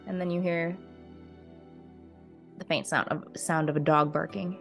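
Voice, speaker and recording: A woman narrating a tabletop role-playing game as game master, telling the scene in an unhurried, expressive way. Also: low voice, soft background music.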